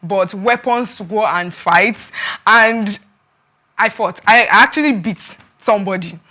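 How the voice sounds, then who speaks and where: A woman, co-hosting a casual panel chat and telling stories with lively acted-out quotes. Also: mid-range voice, measured pace. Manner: animated storyteller, acts out quotes. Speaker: show co-host.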